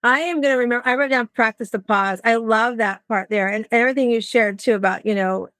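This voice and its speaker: A woman's voice: fairly high pitch, brisk, fairly bright tone, dry recording. Chatty woman podcast host. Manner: chatty, acts out bits of client talk. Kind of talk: casual interview chat.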